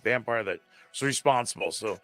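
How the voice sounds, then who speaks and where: A man's voice: mid-range voice, a bit bright, dry recording, faint music behind. A man guesting on a movie-review podcast, casually retelling scenes and quoting lines as he goes. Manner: retells scenes with quick quoted bits.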